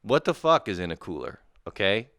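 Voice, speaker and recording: A man's voice: fairly low pitch, sing-song, a little fast, a bit bright, clear, resonant tone, dry recording, studio quality. A young man ranting comedically, exasperated and profane, mock outrage building between laughs. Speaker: podcast host. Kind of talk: comedic rant.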